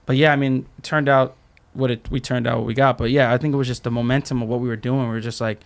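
A man's voice: medium pitch, flat delivery, fast talker, gravelly. A man chatting casually as a podcast guest, telling stories and acting out quotes, with lots of "like" filler. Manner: storytelling, acts out quotes, many likes. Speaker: podcast guest, skate filmer. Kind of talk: casual chat.

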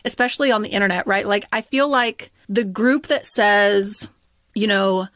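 A woman's voice: mid-range voice, moderate pace, fairly bright tone, no room sound. Chatty woman, dry close sound. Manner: chatty, peppered with "like". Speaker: parent. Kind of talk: casual podcast chat.

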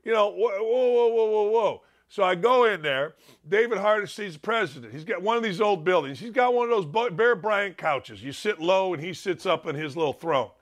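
A middle-aged man hosts a sports talk show with a fairly high voice. He tells his stories loudly and swings between low mutters and shouted outbursts, with an opinionated, rambling delivery. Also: expressive, normal speed.

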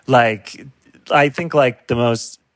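A man appearing as a comedian guest in casual chat, animated, laughing often and breaking off his own sentences. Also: medium pitch, slow pace, no echo.

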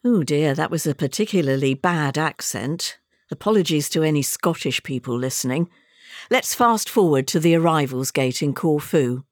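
Wry woman narrator, lively pitch. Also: normal speed, dry recording, clean studio sound. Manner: wry, teasing comments between segments. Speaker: show narrator. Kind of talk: scripted narration.

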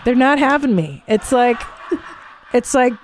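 A woman's voice: fairly high pitch, expressive, measured pace, a little hiss or hum. A woman hosting a podcast in casual chat, playful and teasing, with some swearing. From Hungarian family. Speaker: podcast host.

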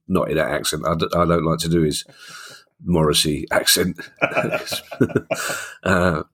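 Deep-voiced podcast host. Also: male voice, moderate pace, fairly bright tone. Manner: wry, joking, reads listener questions. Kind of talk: casual chat.

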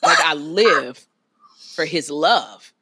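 A woman in her forties, a talk show co-host, telling stories in a dramatic, animated way in casual chat. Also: low-pitched, takes it slowly, husky, no room sound. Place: TV studio.

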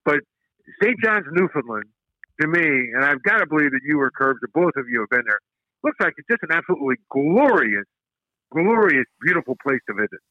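Relaxed radio host asking easygoing questions. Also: male voice, on the high side, brisk, no echo, highs cut off. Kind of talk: casual sports chat.

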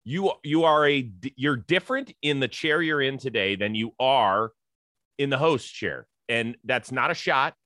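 A man hosting a sports talk show, chatty and emphatic, quick to joke. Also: mid-range voice, expressive, sharp tone, no room sound, studio quality.

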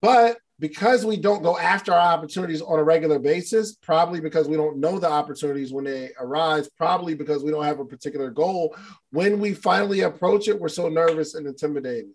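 A man giving a casual motivational talk to a live online audience, animated and playful, acting out little scenes. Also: on the high side, quick pace. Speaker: motivational speaker.

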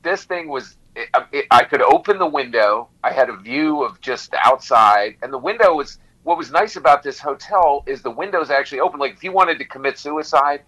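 A man's voice: a little high, expressive, normal speed, bright, forceful tone, poor audio. A man telling rambling, laughing anecdotes in casual chat.

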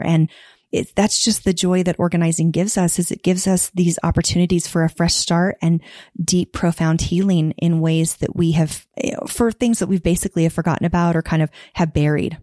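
A woman's voice: fairly low pitch, mellow, dry recording, clean studio sound. A woman, a professional organizer, talking earnestly and at length as a podcast guest, now and then acting out the voices she quotes. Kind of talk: podcast interview.

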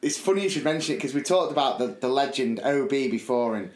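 A man's voice: medium pitch, fast, reverberant. A man co-hosting a podcast, telling a story in casual chat and acting out the people in it. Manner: animated, quotes friends in put-on voices, laughs often. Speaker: podcast co-host.

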